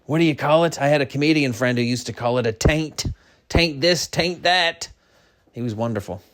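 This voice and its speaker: A middle-aged man hosting a comedic podcast monologue, rambling and jokey, swinging between a mock-solemn hush and sudden loud bursts. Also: medium pitch, fast. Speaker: podcast host.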